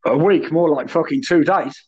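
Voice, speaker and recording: A man's voice: a little high, normal speed, noisy background. A middle-aged man, a former footballer, telling blunt, sweary stories in casual podcast chat. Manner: blunt, sweary, animated storytelling. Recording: muffled lo-fi audio.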